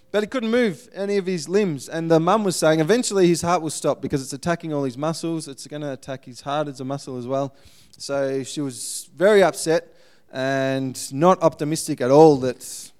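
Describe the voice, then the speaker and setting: A man giving a guest sermon, telling a missionary story in a lively way and acting out the people in it. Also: a little high, normal speed, smooth.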